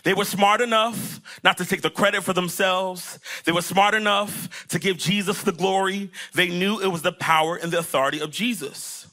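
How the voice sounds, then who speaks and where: A young man delivers a lively sermon in a bright, high-pitched voice. His phrasing rises in a sing-song lilt as he builds toward a point, and he acts out little scenes between the biblical figures. The energy is that of a pastor speaking to his congregation. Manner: animated preaching, acts out the disciples and Jesus in quick asides.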